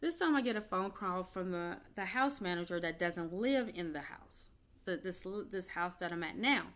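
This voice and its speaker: A woman's voice: fairly low pitch, animated, normal speed, a bit bright. A woman vlogger telling a personal story in an unscripted, rambling way, often restarting her sentences. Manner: rambling, emotional retelling with frequent restarts.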